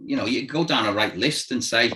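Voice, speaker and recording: A former football manager telling lively anecdotes in casual chat, acting out voices and noises and laughing often. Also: male voice, medium pitch, brisk, rough recording.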